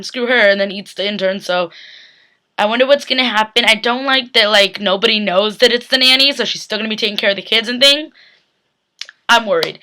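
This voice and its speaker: Woman, young adult, bright voice, casual recap chat, "like" and "literally" everywhere, webcam mic. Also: medium pitch. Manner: chatty, emphatic, lots of "like" and "literally". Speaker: YouTube TV reaction vlogger.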